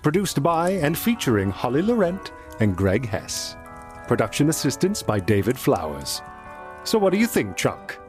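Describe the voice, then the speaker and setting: A man's voice: mid-range voice, huge pitch swings, normal speed, a little mellow, faint music behind. A man narrating a scripted, mock-grand outro to a show.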